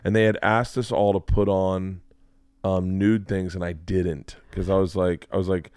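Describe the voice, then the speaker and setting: A man in his forties with a fairly low voice tells a long, rambling story in a casual podcast chat. He acts out everyone's lines as he goes, and his voice is recorded dry and close with no room sound. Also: moderate pace, clear, resonant tone, no room sound. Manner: animated, rambling, acts out quotes. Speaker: podcast host.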